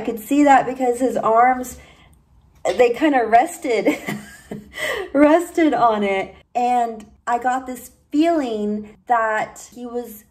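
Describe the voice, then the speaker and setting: A woman's voice: a little high, darkish tone, rough recording. A young woman telling a personal story to camera as a spiritual vlogger, earnest and confiding, acting out bits of dialogue.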